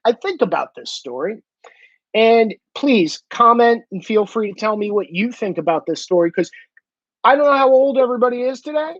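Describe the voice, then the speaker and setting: A man in his thirties ranting about a story, animated and profane, at times bursting into shouts. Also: very high voice, normal speed, dry recording, dull audio. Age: 30s. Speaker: commentator. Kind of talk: profane opinion rant.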